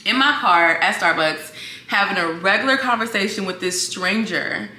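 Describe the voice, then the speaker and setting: Telling her viewers a personal story in casual fashion, this young Virginia vlogger gets chatty and emotional, addressing them as girl and y'all. Her mid-range voice moves at normal speed, with a roomy sound and background noise.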